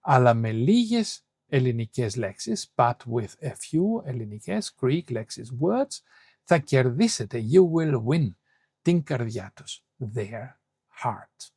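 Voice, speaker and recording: Gravelly, husky-voiced male language teacher. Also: medium pitch, darkish tone, no room sound, studio quality. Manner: patient, reads phrases then translates and explains. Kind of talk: explanatory lesson.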